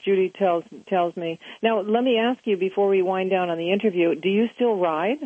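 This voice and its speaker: A woman's voice: mid-range voice, moderate pace, breathy edge, no echo. A woman hosting an interview, asking questions and gushing with praise for her guest. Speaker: host. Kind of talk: phone interview. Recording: tinny phone line.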